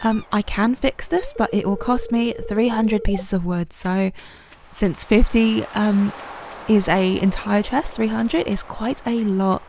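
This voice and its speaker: Chatty woman with a gravelly voice. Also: mid-range voice, slow, slight background noise. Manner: chatty, many ums, self-deprecating. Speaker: gaming channel host. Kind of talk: gameplay commentary. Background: soft game music.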